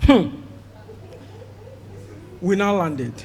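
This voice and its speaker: High-pitched Nigerian man doing stand-up. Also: extremely slow, creaky, slight background noise. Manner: animated storytelling, acting out shouted prayers. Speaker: stand-up comedian. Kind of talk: stand-up comedy set. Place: comedy stage before a live audience. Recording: live show with crowd audible.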